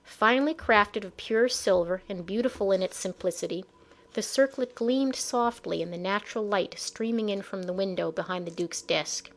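A woman reading a storybook chapter aloud in an expressive, measured way. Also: medium pitch. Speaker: audiobook narrator. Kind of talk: storybook narration.

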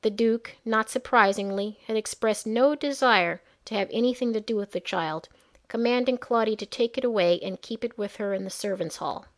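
A woman narrating a fantasy story in a measured storytelling manner. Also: fairly high pitch.

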